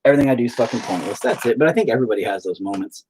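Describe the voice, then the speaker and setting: There's a slight hiss or hum as a middle-aged musician races through a casual, confessional monologue to his livestream chat. His medium-pitched, darkish voice has lively intonation, and his frank, rambling talk is full of profanity.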